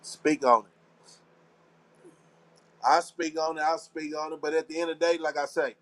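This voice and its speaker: A man's voice: on the high side, little pitch movement, moderate pace, a bit bright. A man from Texas, hosting a casual live talk show and rambling to his listeners in a slangy, preachy, conspiratorial way. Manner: slangy, repeats phrases. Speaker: show host.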